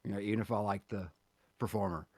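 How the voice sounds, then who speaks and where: A man's voice: on the low side, fairly even intonation, quick pace, a little mellow, no echo. A man co-hosting a podcast in casual chat, rambling with frequent restarts and easy laughter. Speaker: podcast co-host.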